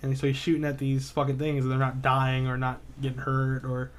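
A man's voice: medium pitch, monotone, fairly quick. A man casually retelling a spooky story, rambling with lots of filler words and swearing. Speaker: podcast co-host.

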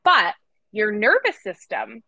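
Bright, energetic woman podcast co-host. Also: medium pitch, takes it slowly, creaky, no echo, poor audio. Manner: energetic, profane, playful. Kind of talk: casual podcast chat.

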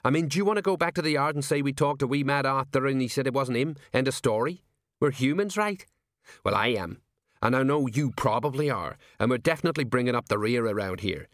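A man's voice: medium pitch, lively intonation, fairly quick, dry recording, studio quality, voice pushed up, lightly acted. Brief: male narrator doing a rambling older sergeant, folksy and set in his ways. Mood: grumbling. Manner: folksy, rambling, common speech.

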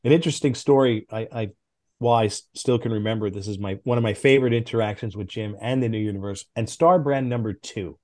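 A middle-aged man, a former comics editor, telling stories as a podcast guest in a lively, casual way, with big swings in pitch. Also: fast talker. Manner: animated anecdotes, with big jumps in pitch.

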